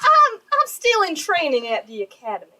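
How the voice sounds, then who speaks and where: A woman's voice: very high voice, huge pitch swings, moderate pace, bright, forceful tone, exaggerated voice, poor audio. A woman with a put-on American Southern accent, voicing an earnest young female trainee agent. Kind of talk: live staged script reading.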